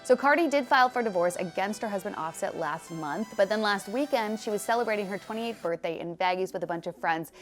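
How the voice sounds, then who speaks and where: A woman's voice: medium pitch, lively intonation, fairly quick, few pauses, soft background music. A young adult woman hosting an entertainment news show, presenting stories in a chatty, breezy way with personal asides. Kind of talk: upbeat scripted news presenting.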